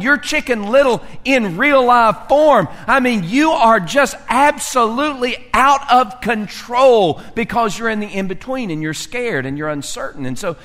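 A man preaching a sermon as pastor, acting out characters and swinging from loud to hushed. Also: very high voice, big-room sound.

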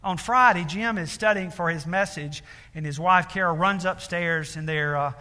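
A man's voice: sits high, moderate pace, sharp tone. A man preaching a sermon, telling a story earnestly with many fillers and building to emphatic appeals. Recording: long reverb of a large hall.

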